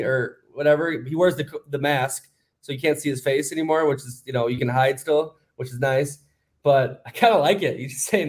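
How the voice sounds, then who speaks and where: This podcast co-host tells a long, rambling story in a casual way, full of fillers. He speaks fast, with a fairly high pitch and a darkish tone.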